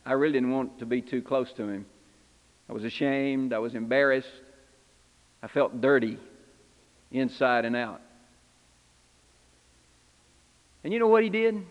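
A man's voice: medium pitch, normal speed, long pauses, big-room sound, dull audio, lightly acted. A man preaching in character as Simon Peter, an impulsive, repentant fisherman, telling his story in first person with earnest, confessional feeling. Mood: ashamed. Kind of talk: first-person dramatic sermon monologue.

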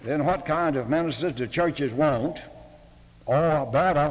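In a long, reverberant hall, an older man delivers a folksy, sermon-style address to a seminary faculty. His mid-range voice is expressive and somewhat dark, moving at a moderate pace, and his homespun humor is packed with fillers and rhetorical questions.

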